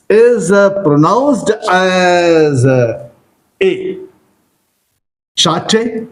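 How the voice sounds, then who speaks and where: Slow, high-voiced teacher. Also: male voice, a little mellow, rough recording. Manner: slow, drawn-out spelling and repeating of sounds. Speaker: English teacher. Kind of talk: pronunciation lesson.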